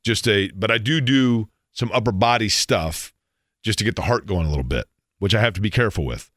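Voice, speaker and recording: Bright-voiced rambling male radio host. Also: lowish voice, expressive, fairly quick, no room sound, clean studio sound. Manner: rambling, playful, self-mocking. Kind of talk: casual sports talk radio chat.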